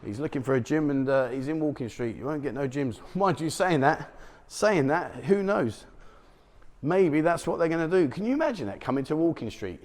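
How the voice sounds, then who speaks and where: A man's voice: on the high side, expressive, normal speed, darkish tone. A middle-aged man, a vlogger, chatting and joking as he walks outdoors along a city street at dawn, recorded on a handheld camera. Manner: chatty, joking, chuckles at his own remarks. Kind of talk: walk-and-talk street vlog.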